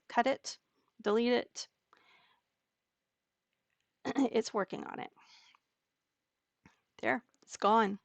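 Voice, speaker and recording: A woman teaching a digital scrapbooking layout step by step, talking slowly and patiently with occasional fillers. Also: medium pitch, creaky, no room sound. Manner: slow, step-by-step explaining with fillers. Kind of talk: screen-recorded software tutorial.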